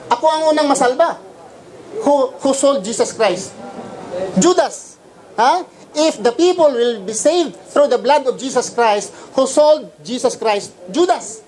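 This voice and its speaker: A man's voice: extremely high pitch, poor audio. A man with a Filipino accent preaching a polemical religious lecture, firing rhetorical questions at his audience. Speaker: Islamic preacher.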